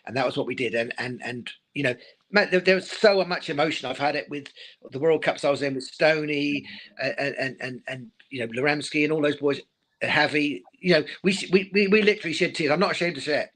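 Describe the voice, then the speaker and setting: A man's voice: a little high, a little fast, fairly bright tone. A middle-aged man and former speedway rider in a casual live interview, talking emotionally and repeating his words.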